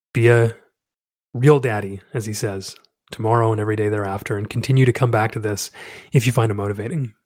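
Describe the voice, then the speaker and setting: A man's voice: on the low side, no echo, clean studio sound. A man speaking earnestly and candidly to other fathers, reading aloud and encouraging them. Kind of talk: reflective talk and reading aloud.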